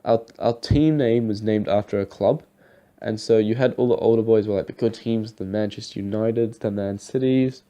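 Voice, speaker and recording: A man's voice: on the low side, moderate pace, mellow. A young man giving rambling, casual commentary over his football game footage, swearing now and then. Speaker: gaming YouTuber.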